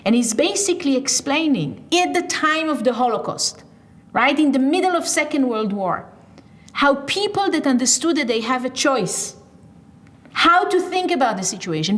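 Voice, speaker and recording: A woman hosting an interview, earnestly explaining ideas step by step and checking in with rhetorical questions. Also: sits high. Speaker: podcast host.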